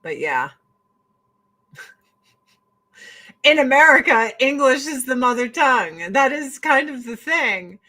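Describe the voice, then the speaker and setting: A woman's voice: high voice, sing-song, takes it slowly, long pauses, bright, forceful tone, rough recording. A woman hosting a casual commentary stream, ranting sarcastically and swearing freely. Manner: sarcastic, profane, exasperated.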